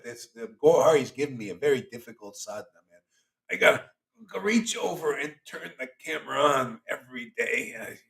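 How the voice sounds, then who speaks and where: A man's voice: medium pitch, expressive, brisk, vocal fry, a bit bright. A man as spiritual teacher, giving a casual, teasing devotional sermon to an online group.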